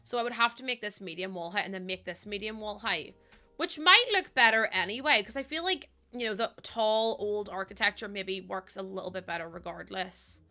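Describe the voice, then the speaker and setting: Faint music plays behind a woman streaming a game while she chats in a loose, rambling way. Her voice is medium-pitched, a little quick, pushed and bright, and she giggles a lot, fills her talk with ums, and coos baby talk at her dog.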